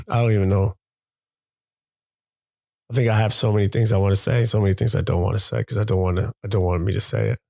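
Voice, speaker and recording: A man's voice: lowish voice, creaky, mellow, no room sound. A man, a father hosting his own show, speaking in a candid, confessional monologue that halts and repeats as he gathers his thoughts.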